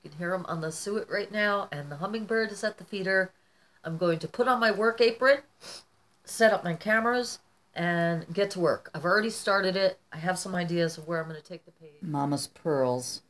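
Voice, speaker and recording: Woman, artist vlogger at home. Casual, rambling chat, slightly low pitch. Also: moderate pace, fairly bright tone. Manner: chatty and rambling, often addressing viewers as "you guys".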